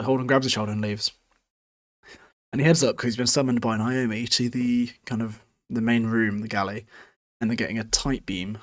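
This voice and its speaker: A man casually recapping a novel chapter on his podcast, chatty and self-deprecating, swearing freely. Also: lowish voice.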